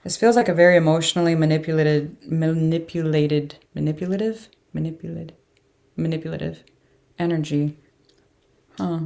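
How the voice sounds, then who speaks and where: A woman's voice: deep voice, fairly even intonation, normal speed, gravelly, mellow. A woman doing a casual tarot reading, thinking aloud and reacting to the cards with surprised exclamations. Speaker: tarot reader.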